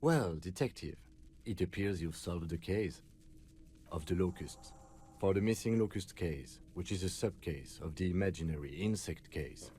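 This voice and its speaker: A man voicing a calm, sarcastic detective partner in a game, dry and measured. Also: deep voice, a little hiss or hum, pitched below the performer's own voice, lightly acted. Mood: deadpan.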